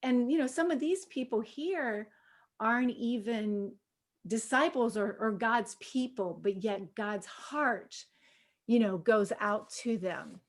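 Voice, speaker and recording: A middle-aged woman with a slightly high voice leads a women's Bible study in easy, conversational teaching. She fills her talk with "you know" and breaks into sudden loud bursts when she acts out a scene. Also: slow.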